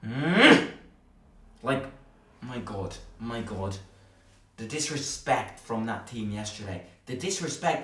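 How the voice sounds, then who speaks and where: A man's voice: mid-range voice, big pitch swings, slow, pauses often, fairly bright tone, distant mic. Heated ranting man in a roomy space. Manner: heated, blunt, swearing, repeats himself. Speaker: football fan channel host. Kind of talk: angry post-match reaction rant. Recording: roomy, a little off the mic.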